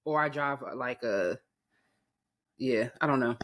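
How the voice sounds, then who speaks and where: A young woman co-hosting a podcast, chatting casually with quick, teasing remarks and frequent laughter. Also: a bass voice, fairly bright tone. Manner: quick-witted, teasing interjections, laughs often. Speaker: podcast co-host. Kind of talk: casual chat.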